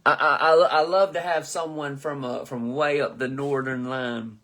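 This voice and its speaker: A man's voice: mid-range voice, fairly even intonation, normal speed, a bit bright. A man in his twenties hosting a live comedy chat, reading viewer comments and joking loosely with lots of swearing. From southern United States. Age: 20s. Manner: loose, profane, joking, stumbles over names. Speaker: host.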